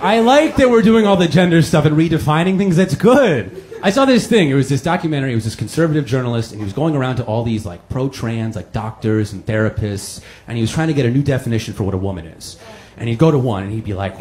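A man's voice: on the high side, brisk. A man from the United States, doing a profane, mocking stand-up comedy set in a comedy club. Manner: profane, animated, mocking delivery. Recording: crowd laughter, noisy club. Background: audience laughter.

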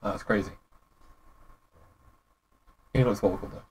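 A young man giving casual, rambling commentary as a gaming YouTuber, with relaxed, slangy reactions. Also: lowish voice, slow pace, a little hiss or hum.

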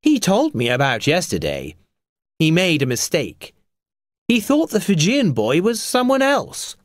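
A man voicing a slow, showy, shady businessman in an audiobook story. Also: a little high, wildly swooping pitch, no room sound, clean studio sound, voice pushed up. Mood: smooth. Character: smooth-talking shady businessman, bald.

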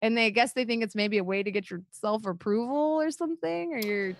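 A woman's voice: a little high, quick pace. A young woman co-hosting a podcast, telling stories in casual chat with lots of "like" and frequent swearing. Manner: animated, frequent "like" fillers, swears. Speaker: podcast co-host.

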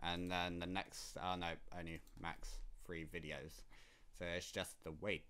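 Rambling lad playing a game. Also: male voice, low-pitched, level tone, a little slow, pushed and bright. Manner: rambling, laughs often. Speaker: gaming YouTuber. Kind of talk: casual gameplay commentary.

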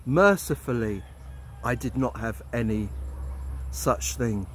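Man, middle-aged, blunt storyteller, mid-pitched voice. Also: animated, takes it slowly, a little hiss or hum. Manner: candid, blunt, swears freely. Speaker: expat vlogger. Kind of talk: storytelling monologue.

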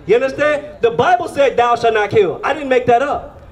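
A man's voice: extremely high pitch, a little fast. A man preaching outdoors on a street, firing rhetorical questions at the crowd and pulling them into call-and-response.

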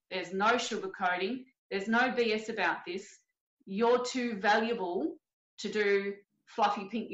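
A woman's voice: mid-range voice, a bit bright. Woman, Australian accent, podcast host, earnest, reflective, echoey room, muffled audio. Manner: earnest, reflective, talks in long flowing sentences. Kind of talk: podcast interview. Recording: roomy, dull lo-fi audio.

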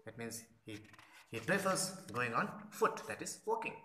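A man's voice: mid-range voice, very animated, moderate pace, bright, forceful tone, slight background noise. A male literature lecturer explains a play line by line, reading quoted lines and then restating them in plain words. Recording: roomy echo.

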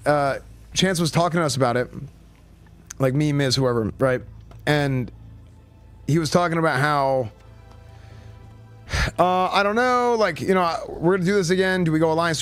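A young man streaming a game, chatting excitably and rambling with lots of restarts. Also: a little high, normal speed, pauses often, clear, resonant tone, faint music behind. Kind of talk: casual live-stream chat.

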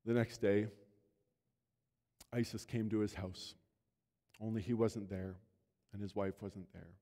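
A man's voice: lowish voice, fairly even intonation, unhurried, mellow. Earnest male pastor in a reverberant church. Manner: earnest storytelling, voice swells and drops. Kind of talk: sermon. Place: church sanctuary. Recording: long reverb of a church hall.

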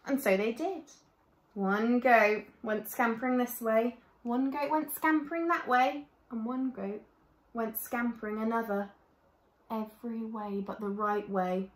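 A woman reading a children's story aloud in a gentle, expressive way, often turning to talk directly to young listeners. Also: on the high side, a little slow, roomy sound.

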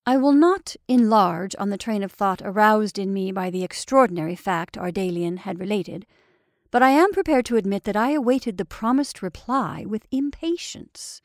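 A woman narrating a classic story with a measured, expressive delivery. Her voice has a steady gravelly fry at mid pitch, recorded close and dry with no room echo.

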